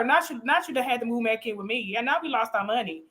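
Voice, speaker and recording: A woman with a fairly high voice chats with animated, sassy energy, laughing between points as she recaps a reality show on a live panel. She drawls "honey" and "girl" for emphasis. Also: fairly quick. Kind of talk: casual show recap chat.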